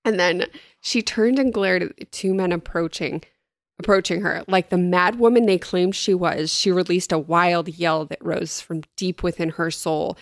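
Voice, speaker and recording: In a dry, clean studio recording, a woman with a fairly low pitch speaks at a moderate pace. She is co-hosting a podcast and recapping a book in casual chat, dramatically reading horror passages aloud and laughing often.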